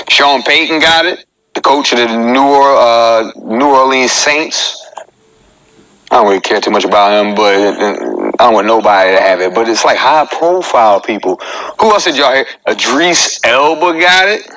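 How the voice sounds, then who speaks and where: A man's voice: mid-range voice, animated, measured pace, pushed and bright, rough recording. A man in his thirties, a comedian hosting his own live show and joking in a chatty way as he talks straight to his viewers. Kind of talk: casual live-stream comedy monologue.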